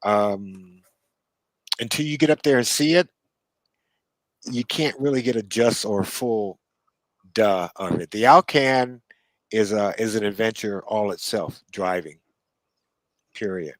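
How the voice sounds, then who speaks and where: A man's voice: fairly low pitch, no room sound, poor audio. Dry-sounding man telling easygoing stories. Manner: unhurried storytelling with asides and chuckles. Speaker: co-host. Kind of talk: casual podcast chat.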